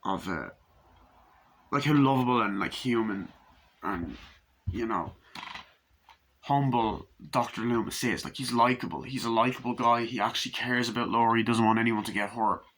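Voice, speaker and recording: A man's voice: mid-range voice, moderate pace, pauses often, a bit bright. A man giving a casual, rambling movie review, re-enacting scenes and swearing freely.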